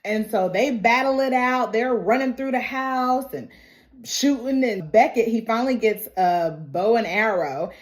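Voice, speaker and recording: A woman's voice: a little high, a little slow. Chatty woman recapping a movie. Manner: chatty, laughs often, acts out the characters. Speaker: movie reviewer.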